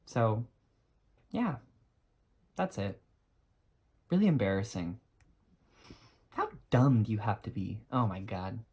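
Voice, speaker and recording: A young adult man telling an embarrassing story on his vlog, animated and self-mocking, swearing freely. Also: fairly low pitch, takes it slowly, long pauses, breathy edge. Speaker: vlogger.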